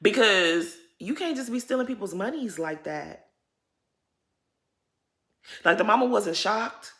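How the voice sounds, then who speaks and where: Woman vlogger, bright tone, AAVE speech, animated and gossipy. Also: medium pitch, unhurried. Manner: animated, chatty, slangy commentary. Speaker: reality TV recap vlogger. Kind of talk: casual chat.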